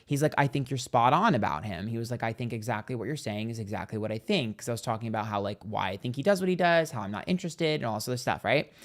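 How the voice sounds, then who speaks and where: Speaking quickly and barely pausing, this mid-range male voice belongs to a psychic tarot livestream host. He chats casually through a gossipy tale, performing other people's quotes and thanking viewers aloud for their donations.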